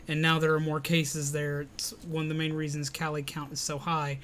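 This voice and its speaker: A man's voice: fairly high pitch, completely flat delivery, moderate pace, a bit bright, a little hiss or hum. A man in casual live-stream chat, answering viewer comments while recovering from illness. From Alabama, US.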